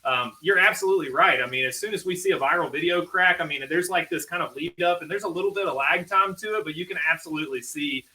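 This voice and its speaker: A man from Kentucky, a sales guest, talking in an energetic, casual way on a podcast. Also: on the high side, fast talker, few pauses, poor audio.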